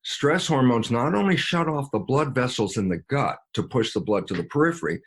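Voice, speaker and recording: A man being interviewed, explaining at length in an animated way, often acting out both sides of a dialogue with himself and chuckling mid-sentence. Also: medium pitch, breathy edge. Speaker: interview guest.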